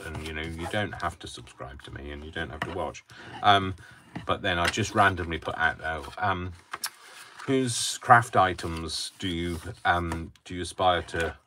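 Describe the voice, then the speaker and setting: A man's voice: a bass voice, noisy background. A man hosting a live crafting tutorial from his home craft room, chatting in a wry, joking way. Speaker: crafting host.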